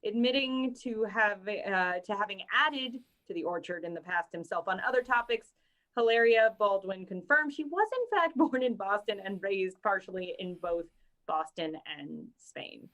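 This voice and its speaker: A woman's voice: mid-range voice, animated, normal speed, fairly bright tone. A woman co-hosting a podcast in casual chat, reading out news and talking wryly, often laughing as she speaks. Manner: wry, laughs while talking. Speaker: podcast co-host.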